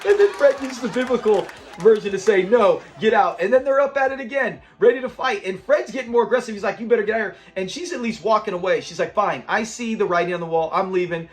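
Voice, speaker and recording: A man's voice: sits high, quick pace, hardly any pauses. A man hosting an episode breakdown, talking enthusiastically and acting out quoted lines. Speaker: channel host.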